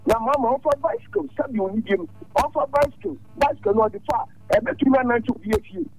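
A man's voice: very high-pitched, expressive, quick pace, slightly rough, poor audio. A man calling in to a radio show, making an impassioned, repetitive appeal. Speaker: radio phone-in caller. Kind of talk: phone-in comment on a talk radio show.

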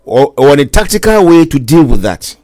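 A man's voice: on the high side, very animated, moderate pace, warm tone, no room sound. A man in casual conversation, restarting his words often and mixing English with Twi. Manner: frequent short backchannels, stammering restarts.

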